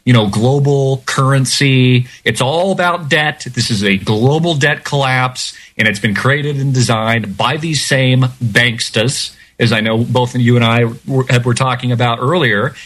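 A man's voice: mid-range voice, a little slow, hardly any pauses, a bit bright. A man as a guest on a talk radio show, speaking intensely and stacking up points with emphasis. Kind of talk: casual radio interview.

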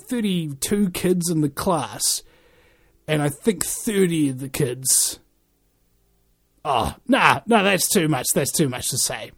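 A man rants through a rambling monologue, swearing freely and firing off rhetorical questions. His pitch swings widely, leaping up when he gets worked up and sinking low when he settles. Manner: profane, ranting, rhetorical questions.

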